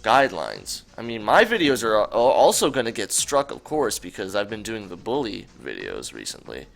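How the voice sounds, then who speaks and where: A young man chats casually, his bright voice swinging widely in pitch as he jokes and laughs along. Faint music plays underneath. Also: huge pitch swings, moderate pace, gravelly. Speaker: podcast co-host. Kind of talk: casual chat.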